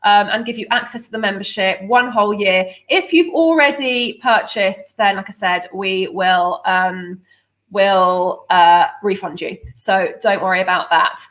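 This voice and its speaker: A woman's voice: medium pitch, measured pace, a bit bright. A woman hosting a casual live stream, bubbly and chatty with lots of fillers. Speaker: host of a nutrition membership livestream.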